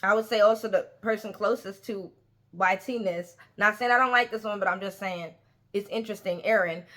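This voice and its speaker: Bright, emphatic young woman. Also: mid-range voice, fairly even intonation, moderate pace. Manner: emphatic, repeats words for stress. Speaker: reality TV commentator. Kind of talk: opinionated casual commentary.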